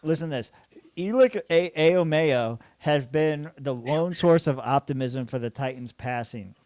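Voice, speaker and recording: A man's voice: medium pitch, measured pace, darkish tone, no room sound. Young guy on a podcast, rambly and cussing, laughs a lot, mid voice, dead dry mic. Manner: rambling, swears freely, laughs often. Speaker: podcast co-host. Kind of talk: casual fantasy football chat.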